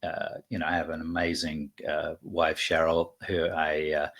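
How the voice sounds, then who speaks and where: Author guest, male, middle-aged: very low, husky voice, halting and full of restarts. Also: completely flat delivery, fairly bright tone. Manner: halting, many fillers and restarts. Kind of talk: casual interview talk.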